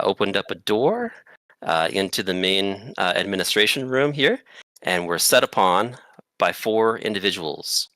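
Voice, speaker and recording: A man narrating as game master of a tabletop game, rambling with many filler pauses. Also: lowish voice, bright, forceful tone, dry recording.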